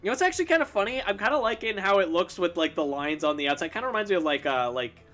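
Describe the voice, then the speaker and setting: A young man streams himself drawing and chats casually, answering questions from chat as he rambles, stumbles into restarts and laughs at himself. His voice sits high, expressive and racing, with a fairly bright tone, and faint music plays behind him.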